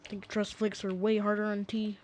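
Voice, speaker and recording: A man's voice: high-pitched, completely flat delivery, normal speed, slight background noise. A young man casually rambling through gameplay commentary at home, often sidetracked and full of fillers. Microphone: desk mic.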